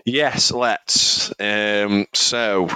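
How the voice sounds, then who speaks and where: A man's voice: fairly low pitch, fairly even intonation, drawn-out words, pushed and bright, smooth, dry recording, low-quality recording. A man, co-hosting a casual podcast in an easygoing, agreeable way. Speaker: podcast co-host.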